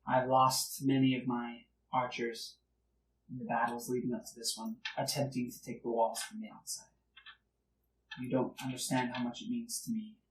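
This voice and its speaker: A man voicing a grateful, solemn army leader who speaks in a hushed, earnest way. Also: mid-range voice, little pitch movement, moderate pace, a little hiss or hum, natural voice. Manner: hushed, earnest, fading to a whisper. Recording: roomy, distant mic.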